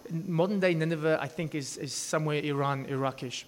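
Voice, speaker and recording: A man with a slightly high voice delivers a sermon in a storytelling way, breaking into quick asides and restarting his sentences. His voice rings with the long reverb of a large hall. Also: a little hiss or hum. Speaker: preacher.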